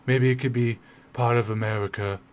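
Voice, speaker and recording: A man's voice: fairly high pitch, expressive, quick pace, close to an everyday voice. A man doing a blustering older politician impression. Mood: boastful. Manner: rambling, repetitive boasts.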